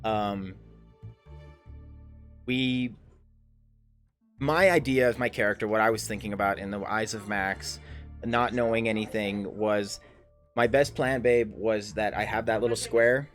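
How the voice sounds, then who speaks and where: A man's voice: on the low side, fairly even intonation, a little slow, long pauses, faint music behind. Rambling male game master. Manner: rambling, many fillers and restarts. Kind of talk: narrating a tabletop game.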